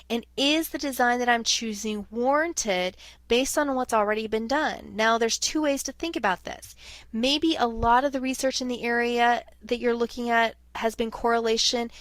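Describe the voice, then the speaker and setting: A woman's voice: fairly high pitch, a bit bright, no echo. A woman giving a recorded lecture, explaining things step by step. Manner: explanatory, walks students through questions step by step.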